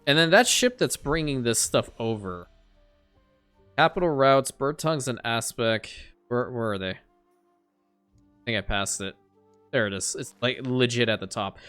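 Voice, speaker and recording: A man giving casual let's-play commentary, talking to the game as he plays and muttering to himself, at times breaking into loud exasperated rants. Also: medium pitch, moderate pace, long pauses, clear, resonant tone, faint music behind. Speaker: gameplay commentator.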